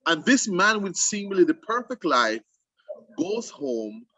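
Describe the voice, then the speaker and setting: A man hosting a casual poetry discussion for students, explaining emphatically with lively restarts. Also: high voice, unhurried, background noise. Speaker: host.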